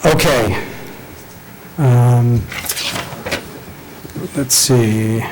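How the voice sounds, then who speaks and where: A man's voice: mid-range voice, very slow, background noise. A man chairing a school board meeting, running procedure in a casual, joking manner.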